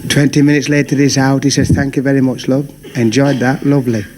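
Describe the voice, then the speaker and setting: A man's voice: medium pitch, flat delivery, a little fast. A man doing stand-up, telling a long joke in a chatty way with asides. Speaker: stand-up comedian. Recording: noisy 1970s TV recording.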